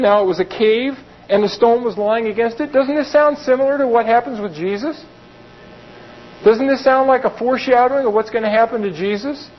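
A man's voice: extremely high pitch, muffled recording. A man preaching a sermon, reading Bible verses and explaining them in a conversational way with plain asides. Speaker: pastor.

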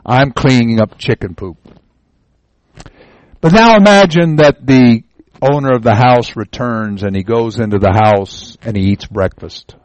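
A man leads a relaxed Bible class in a folksy storytelling manner, circling back on his own words as he builds a picture. His voice sits at an ordinary middle pitch. The recording is dry and close, with little room sound. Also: moderate pace, no echo, rough recording. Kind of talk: informal Bible lesson.

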